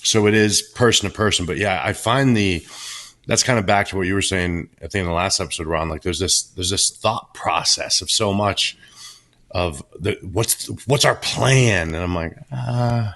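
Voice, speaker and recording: Deep voiced coach dude, blunt and relaxed, cusses casually. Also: male voice, normal speed. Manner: laid-back, blunt, swears casually. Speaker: coach and podcast co-host. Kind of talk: casual podcast chat.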